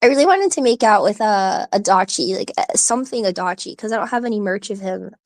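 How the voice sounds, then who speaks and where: A woman's voice: medium pitch, lively intonation, quick pace, dry recording. Rambling giggly woman, dry close mic. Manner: rambling, giggly, lots of "like" and restarts. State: hiccups. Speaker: streamer hosting a live audio space. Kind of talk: casual chat.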